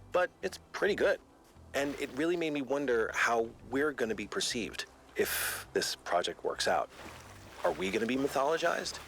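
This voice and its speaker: A man's voice: mid-range voice, a little hiss or hum. A fearful man recording a log. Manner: reflective, quietly confessional. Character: scared young man recording a personal log. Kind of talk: game audio log monologue.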